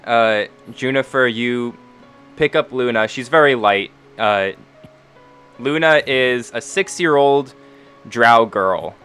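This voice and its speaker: A man narrating a tabletop role-playing game as game master, relaxed with frequent fillers. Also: mid-range voice, slow, clear, resonant tone, soft background music.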